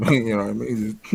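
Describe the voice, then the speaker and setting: A man's voice: mid-range voice, vocal fry, a little mellow, breathy edge. Man, co-host, teasing, laughs at own jokes, casual stream chat.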